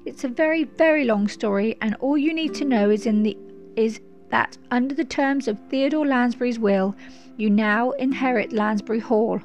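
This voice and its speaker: Impatient old lawyer voiced by a woman, curt and snappish, slightly high. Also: normal speed, a little mellow, muffled recording, soft background music, natural voice. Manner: snappish, brusque, clipped.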